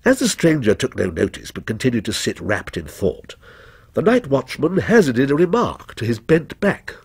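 A man narrating a ghost story in a measured, expressive storytelling manner. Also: medium pitch, creaky, husky, dry recording. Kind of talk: scripted ghost story reading.

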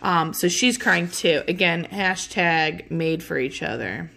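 A woman's voice: lowish voice, takes it slowly, gravelly, bright, forceful tone, slight background noise. A woman teaching a class, retelling a play in casual words and often checking in with "okay?". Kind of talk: explaining a play to students.

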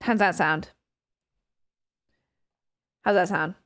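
A woman's voice: lowish voice, fairly even intonation, slow pace, fairly bright tone. A woman in her thirties chatting casually with her stream, giggling often and swearing freely. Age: 30s. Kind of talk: casual live-stream chat.

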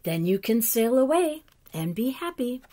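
A woman reading the lines of a gentle, loving old female apple tree, soft and tender, sometimes close to a whisper. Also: a little high, very animated, unhurried.

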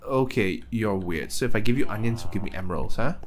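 A man's voice: on the low side, expressive, fast talker. A young man giving casual gameplay commentary, chatty and easily surprised, stammering as he talks to the characters on screen. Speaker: let's play gamer.

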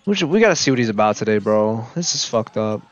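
A young man commenting casually on basketball highlights, hyped and profane, talking straight to the players on screen. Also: animated, quick pace, dull audio. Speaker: YouTube highlight reactor.

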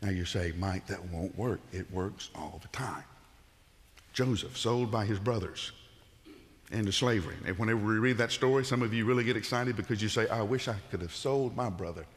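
A male pastor giving a conversational sermon, rising into loud emphatic bursts and dropping to low, quiet tones. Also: moderate pace, big-room sound, slight background noise.

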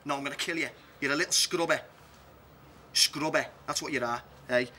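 A man's voice: on the high side, a little fast, pushed and bright, a little hiss or hum. An actor playing a jealous, foul-mouthed man who rants and makes threats in a TV comedy. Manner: accusing, ranting, threatening.

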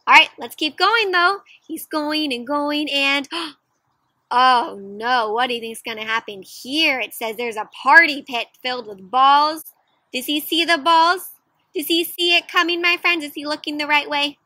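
A young woman reads a picture book aloud to kids with a high, bright voice. She is animated, gasps at the surprises, and keeps asking her listeners questions. The recording is dry, with no room echo. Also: unhurried. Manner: animated, gasping, asks children questions. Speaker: children's storyteller. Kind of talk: interactive read-aloud for kids.

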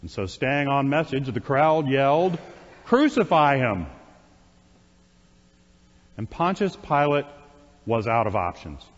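A priest preaching a sermon, retelling a scripture story in a conversational way with wry asides to the congregation. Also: male voice, mid-range voice, expressive, normal speed. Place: church sanctuary. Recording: dull, reverberant church recording.

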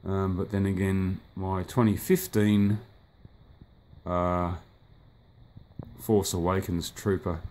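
A man's voice: low-pitched, steady tone, slow pace, pauses often, darkish tone. A man casually reviewing a collectible figure, rambling offhand with fillers and the odd curse, filmed indoors by a sunny window. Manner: rambling, offhand, swears at the sunlight.

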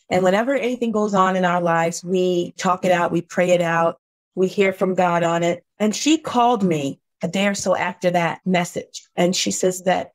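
A woman guest on a podcast, telling a painful personal story earnestly and intensely, her voice climbing high when upset. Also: a little mellow, no echo. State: tearful at times.

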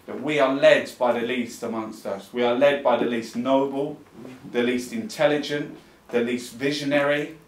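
A man's voice: mid-range voice, steady tone, moderate pace. A man giving a rambling, impassioned talk to an audience at an arts venue, restarting his sentences and swearing. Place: arts club venue, talking to a live audience. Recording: roomy venue sound, mic at a distance.

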